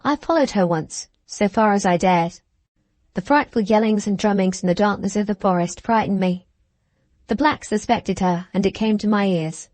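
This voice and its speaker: A woman's voice: mid-range voice, moderate pace, a little mellow, no echo, close to an everyday voice. A woman reading the part of a spiteful, gushing young woman with a scornful, mocking manner, in an audiobook.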